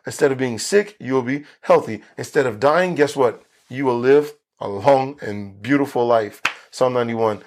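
A man's voice: mid-range voice, normal speed, few pauses. A man pastor teaching a Bible study for video, earnest and emphatic, repeating key phrases for stress.

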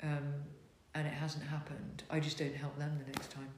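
A woman's voice: low-pitched, monotone, moderate pace, background noise. A middle-aged woman with a posh English accent, chatting frankly and laughing easily as a podcast co-host. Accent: posh southern English. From Netherlands. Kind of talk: casual chat. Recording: echoey room.

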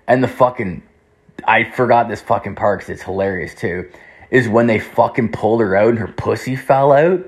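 A young man with a lowish voice tells a long story in loose, casual talk. He rambles, swears constantly, and leans on "like" between nearly every phrase. He often acts out quoted lines from other people. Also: moderate pace.

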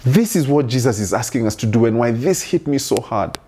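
Male pastor, husky mid-pitched voice, earnest sermon delivery with repeated questions. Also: lively intonation, brisk, dark tone.

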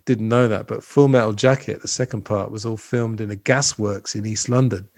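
A man's voice: on the low side, fairly even intonation, moderate pace, darkish tone, dry recording, clean studio sound. A man hosting a casual film discussion, talking loosely with many fillers and restarts. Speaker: podcast host.

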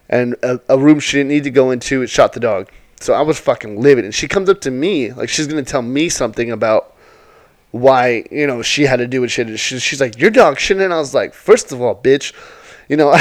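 A man's voice: mid-range voice, dry recording. Man swearing through a casual story. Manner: profane, rambling, emotional anecdotes. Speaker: Airbnb host, former military.

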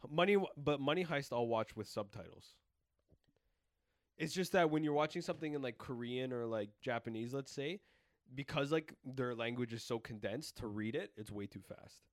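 A young man co-hosting a podcast in loose, excitable casual chat, full of fillers and swearing. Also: medium pitch, moderate pace, no echo, studio quality. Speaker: podcast co-host.

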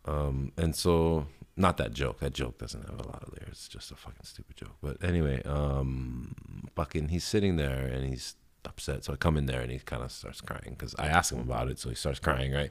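On his casual solo podcast, a man in his thirties speaks in an extremely low, rumbling voice with vocal fry. He rambles in a laid-back way, swears freely, and fills gaps with "um" and quick laughs.

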